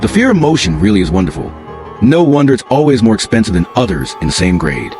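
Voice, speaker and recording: Low-voiced man narrating a horror story. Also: very animated, quick pace, darkish tone, soft background music.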